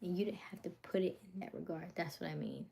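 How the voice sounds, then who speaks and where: Rambling woman livestreamer, slightly low voice. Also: wildly swooping pitch, quick pace, gravelly, dark tone, slightly rough. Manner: rambling, many fillers, drops to whispers and back. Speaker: livestream host. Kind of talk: casual livestream chat.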